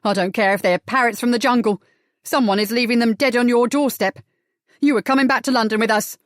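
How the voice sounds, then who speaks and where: Woman voicing a bold, quick-talking young lady. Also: fairly high pitch, steady tone, no room sound, studio quality, lightly acted. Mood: insistent. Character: bold, lively red-haired young woman.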